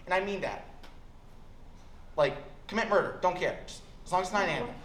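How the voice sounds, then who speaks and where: A young man telling a crude, deadpan comic story at a college open mic. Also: sits high, quick pace, long pauses. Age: young adult. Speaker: stand-up comedian. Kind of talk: stand-up comedy storytelling. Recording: roomy hall with faint background noise.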